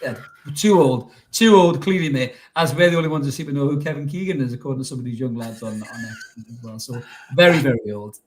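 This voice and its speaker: A man's voice: mid-range voice, fast, few pauses. A middle-aged man co-hosting a casual football podcast, cheeky and joking, swearing freely and laughing often. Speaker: podcast co-host.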